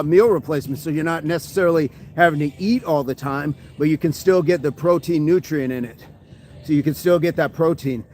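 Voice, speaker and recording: A man's voice: fairly high pitch, slight background noise. A man hosting a casual fitness livestream outdoors, upbeat, reading viewer comments aloud and answering them between exercise sets. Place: outdoors by a street with passing traffic. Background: passing vehicles and street ambience.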